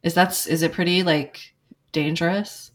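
A woman's voice: on the low side, fairly even intonation, moderate pace. A woman who works in video game development, chatting casually and rambling with lots of "like" fillers. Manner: rambling, filler-heavy, frequent "like". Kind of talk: casual chat.

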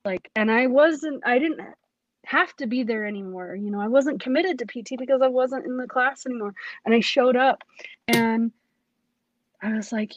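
A woman's voice: a little high, normal speed, dull audio, a little hiss or hum. A woman, a police academy cadet, tells her personal testimony in an earnest, emotional way, often restarting her sentences.

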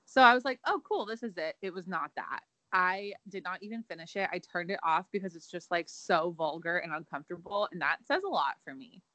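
A woman's voice: fairly low pitch, a little fast, few pauses, pushed and bright, dry recording, low-quality recording. A young woman co-hosting a casual chat podcast, chatty and playful, filling her talk with "like". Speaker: podcast co-host.

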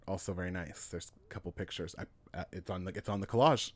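A man co-hosting a podcast in casual chat, excitable and gushing, swearing often. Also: sits low, fast talker, no echo. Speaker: podcast co-host.

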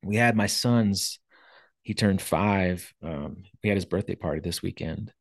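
Deep-voiced man, laid-back and reflective. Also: no echo, studio quality. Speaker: podcast co-host. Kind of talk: casual chat.

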